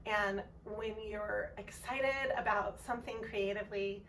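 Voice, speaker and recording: Soft-hearted woman giving a tarot reading. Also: medium pitch, fairly even intonation, measured pace. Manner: soft-hearted, rambling, many ums. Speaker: tarot reader. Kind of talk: casual tarot reading vlog. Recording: voice a bit far from mic, faint background noise.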